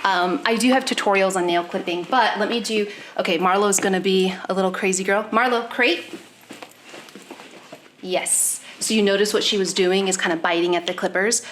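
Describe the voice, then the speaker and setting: A woman's voice: medium pitch, moderate pace, a bit bright, a little hiss or hum. A young woman vlogging at home, casually explaining her dogs' morning care as she works, now and then cooing at her pets. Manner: chatty, explains as she works, baby-talks her dogs. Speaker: pet vlogger. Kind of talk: casual vlog talk while doing chores. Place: home with dogs.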